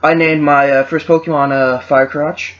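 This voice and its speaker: A man's voice: fairly high pitch, level tone, moderate pace, fairly bright tone. A man hosting a casual podcast chat, joking and sarcastic as he talks. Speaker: podcast host. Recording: dull lo-fi amateur recording.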